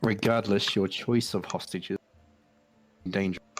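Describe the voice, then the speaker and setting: A man voicing a stern adventurer in a tabletop game, speaking gravely and pointedly. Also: fairly low pitch, steady tone, normal speed, slight background noise, lightly acted. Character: stern male adventurer keeping his oaths.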